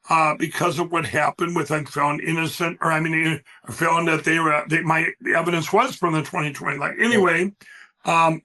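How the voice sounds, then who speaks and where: A man speaks with a high-pitched voice as he talks on a show. He rambles and stresses his words, jumping from one point to the next. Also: a bit bright. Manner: rambling, emphatic, acts out quoted voices. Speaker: guest. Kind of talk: animated interview storytelling.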